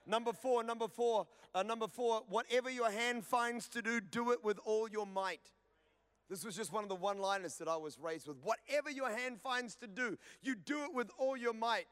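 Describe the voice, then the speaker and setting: Guy preaching in church, fired up, bright tense voice that climbs into shouts. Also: high voice, normal speed, clean tone. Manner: impassioned preaching that builds to loud calls to the congregation. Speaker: pastor. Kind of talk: sermon. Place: church service before a congregation.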